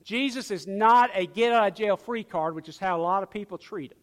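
A male pastor preaching a sermon, swinging from loud emphatic lines to hushed ones. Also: high voice, a little fast, in a large hall.

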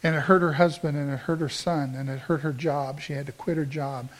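High-voiced man preaching a sermon. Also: fairly even intonation, a little fast. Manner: storytelling, conversational with emphatic rises. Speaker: pastor.

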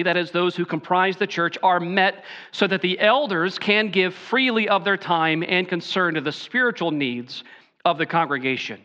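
A man preaching a sermon as pastor, slowing down to stress key phrases. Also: high voice, pushed and bright, muffled recording.

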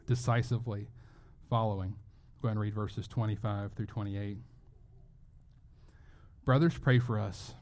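A man's voice: lowish voice, fairly even intonation, normal speed, pauses often, darkish tone. A man preaching a sermon as pastor, earnest and emphatic, often restarting his phrases.

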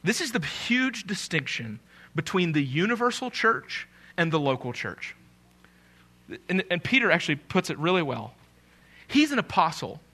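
Animated pastor preaching. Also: male voice, on the high side. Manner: animated, joking with the congregation, repeats key phrases slowly for emphasis. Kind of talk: sermon. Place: church sanctuary, live preaching.

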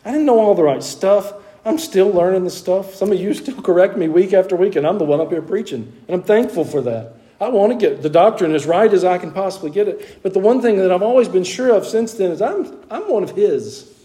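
A man's voice: sits high, a little fast, hardly any pauses, dark tone. A middle-aged male pastor telling his own conversion story in a sermon, folksy and earnest, sometimes repeating words as he presses a point.

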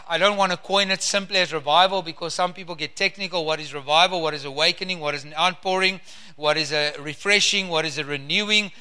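Male preacher; high, bright voice; fervent scripture reading, stretches key words. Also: clean tone.

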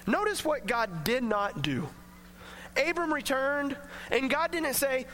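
A male preacher with a very high, bright voice. He talks in a loose, conversational manner and keeps slipping into quick acted-out voices for the people in his stories. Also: sing-song, slight background noise. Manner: casual, conversational preaching that acts out quoted speech. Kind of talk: sermon.

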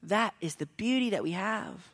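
A man preaching a sermon as a pastor, telling a story that swings between hushed lines and emphatic ones. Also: high voice, lively intonation, moderate pace, gravelly.

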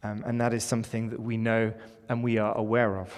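A man's voice: fairly low pitch, completely flat delivery, brisk, clean tone. A male pastor giving an informal, conversational sermon in a church, with light jokes. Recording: echoey church with long reverb.

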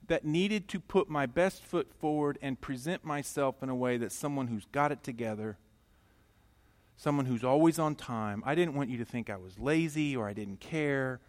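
Man preaching, loud and emphatic. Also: fairly high pitch, normal speed. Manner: storytelling, swings from loud emphatic to quiet and intimate. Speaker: pastor. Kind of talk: sermon.

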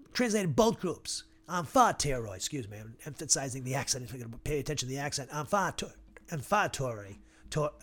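A man teaching a verse-by-verse Bible class, methodical and repetitive, slowly sounding out Greek words. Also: high voice, fairly bright tone.

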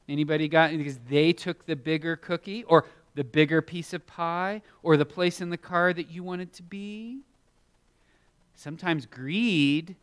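A man giving a children's sermon, animated and expressive, acting out Bible characters in playful voices. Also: a little high. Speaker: children's preacher.

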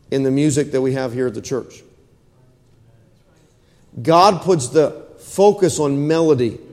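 A man's voice: fairly high pitch, a little mellow, long reverb tail. A man preaching a sermon to his congregation in a folksy manner, often checking in with questions. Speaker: pastor. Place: church hall.

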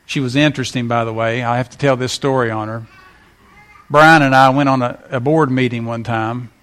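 A man's voice: mid-range voice, normal speed, smooth. A man preaching a sermon, telling folksy stories and acting out quotes. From West Virginia. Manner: folksy storytelling, animated acted quotes. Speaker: pastor.

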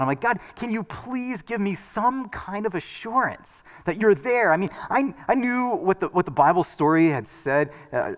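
Brief: earnest male preacher, lively pitch, fairly high voice, long hall reverb. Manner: earnest, animated storytelling with restarts. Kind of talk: sermon with personal story.

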